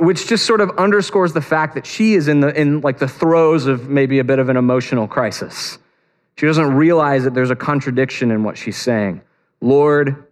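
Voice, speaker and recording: A man giving a sermon in a casual, conversational way, retelling a story with lively, animated touches and frequent restarts. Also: mid-range voice. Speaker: preacher. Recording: long reverb of a large hall.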